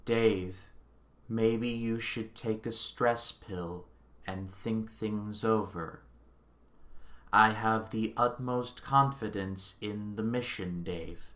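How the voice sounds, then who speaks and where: A man voicing a calm, polite male ship computer with a soft, low, deadpan monotone that turns coldly menacing. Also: slow pace. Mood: soothing.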